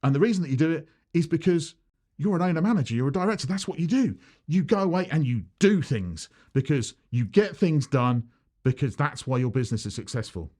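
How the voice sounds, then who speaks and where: Male accountant, animated talking-head advice, bouncy pitch, plays out mini dialogues. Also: fairly quick. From United Kingdom. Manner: animated, acts out little dialogues with changing voices. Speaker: accountant giving business advice. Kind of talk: direct-to-camera advice video.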